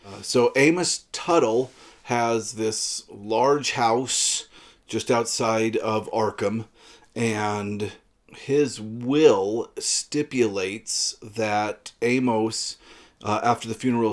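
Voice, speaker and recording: A man with a somewhat low voice talks through a book in a relaxed, rambling way. He often stops on "uh" as he goes. He sounds like a book reviewer chatting casually to a camera. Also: takes it slowly. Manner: relaxed, rambling with frequent uhs.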